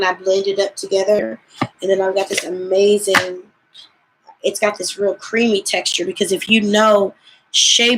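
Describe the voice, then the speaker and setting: A woman's voice: medium pitch, background noise. A young woman vlogger chats casually about skincare late at night, tired and yawning, with many fillers. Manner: relaxed and chatty, with many "um" fillers, and sometimes yawning. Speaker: beauty vlogger. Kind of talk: casual live skincare chat.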